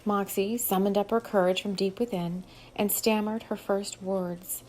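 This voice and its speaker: A woman's voice: medium pitch, steady tone, a little slow, a little mellow, slight background noise, rough recording. Woman reading her own novel aloud. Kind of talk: audiobook narration.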